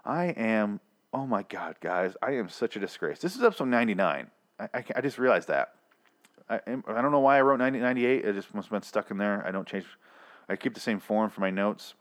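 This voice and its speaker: Rambling, joking young man, slightly low voice, casual solo recap. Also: expressive, moderate pace. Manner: rambling, joking, acts out characters in mocking voices. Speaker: podcast host recapping a TV episode.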